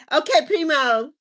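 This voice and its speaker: Chatty livestream host woman. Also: high-pitched. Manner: animated, laughs often, reads chat aloud. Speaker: livestream host reading chat. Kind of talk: casual livestream chat.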